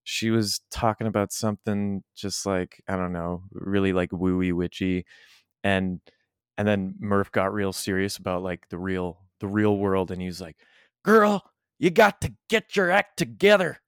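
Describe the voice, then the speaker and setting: A young man with a lowish, smooth voice chats and tells rambling stories, laughing often. He sounds close and dry, with no room around him. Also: level tone, moderate pace, no echo. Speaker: podcast co-host. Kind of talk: casual chat.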